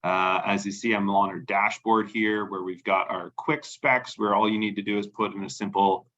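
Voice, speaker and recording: A man hosting a webinar and walking through a software demo, speaking casually with many fillers. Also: fairly low pitch, steady tone, normal speed, lo-fi sound. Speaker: webinar host.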